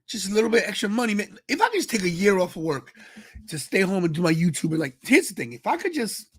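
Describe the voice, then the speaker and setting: A man with a fairly high voice talks in a loose, rambling way, greeting viewers in the chat as he goes. He sounds tired and sleepy, chatting casually as host of his live stream. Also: sing-song, fast talker, breathy edge. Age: adult with kids. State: tired, yawning. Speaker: podcast host.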